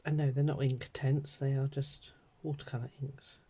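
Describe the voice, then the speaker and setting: A middle-aged British woman with a croaky throat, chatting and rambling casually while she stamps and colours a card. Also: extremely low pitch, level tone, normal speed, warm tone. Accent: British English. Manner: chatty and rambling, many ums and asides. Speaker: craft vlogger.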